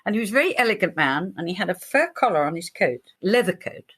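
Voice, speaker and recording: An older woman, a writer giving a guest interview, telling animated stories and acting out the voices of people she quotes. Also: medium pitch, fast talker, slightly rough. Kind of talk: storytelling in an interview.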